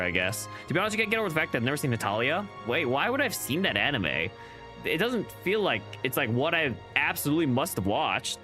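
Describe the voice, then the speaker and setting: A gaming streamer with a bright, forceful, mid-range voice rambles through casual commentary while he plays. He often questions himself and restarts his sentences.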